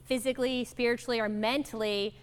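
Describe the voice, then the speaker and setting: A woman's voice: on the high side, steady tone, brisk, smooth. A woman facilitating a workshop, upbeat and affirming as she draws answers from the group. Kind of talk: interactive workshop talk.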